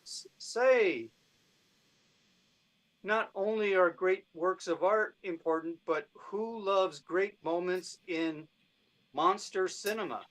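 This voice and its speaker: A man doing a deadpan stand-up set of impressions, talking haltingly over a video call. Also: sits high.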